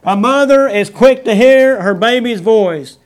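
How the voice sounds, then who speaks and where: A middle-aged man preaching a sermon, quoting scripture and repeating refrains, with folksy phrasing and many halting fillers. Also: very high voice. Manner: preaching with Bible verse references and repeated refrains. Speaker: pastor.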